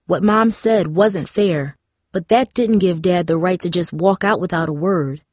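A woman narrating a novel chapter in a measured, steady storytelling voice, recorded on a close studio mic. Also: lowish voice, no echo. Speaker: audiobook narrator. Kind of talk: scripted narration.

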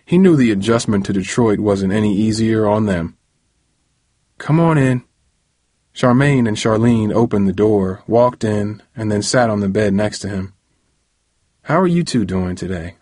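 A man reading a novel aloud as narrator, in a steady storytelling manner. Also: lowish voice, slightly rough, dry recording, clean studio sound. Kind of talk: audiobook narration.

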